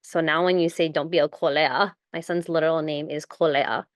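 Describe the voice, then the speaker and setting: Low-voiced woman in casual discussion. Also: steady tone, moderate pace, dry recording, clean studio sound. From Hawaii. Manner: conversational, loosely worded. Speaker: panel speaker who works with entrepreneurs.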